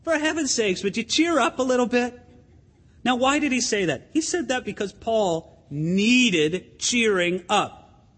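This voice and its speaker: A man's voice: very high-pitched, lively intonation, measured pace, fairly bright tone. A pastor preaching a sermon in an earnest, emphatic way, addressing his listeners as friends in a church sanctuary. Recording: long hall reverb.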